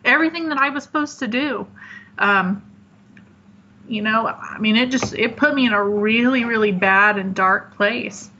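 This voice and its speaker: A woman in her thirties as an interview guest, telling her story in a heartfelt, halting way with many pauses. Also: a little high, sharp tone. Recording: dull lo-fi line.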